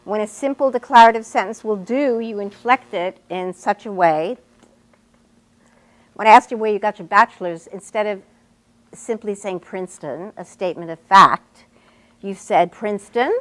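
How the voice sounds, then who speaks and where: A woman's voice: mid-range voice, moderate pace, natural voice. An actress playing an established woman writer who lectures her student with precise, pointed speech in a stage scene. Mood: lecturing. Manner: lecturing, precise, wide-ranging inflection. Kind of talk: stage scene performed on a talk show.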